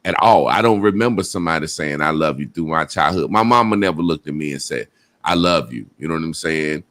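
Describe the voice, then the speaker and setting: A man's voice: extremely low pitch, lively intonation, fairly quick, fairly bright tone. A man hosting a podcast, talking candidly and rambling, often checking in with "you know what I'm saying?". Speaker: podcast host. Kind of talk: casual chat.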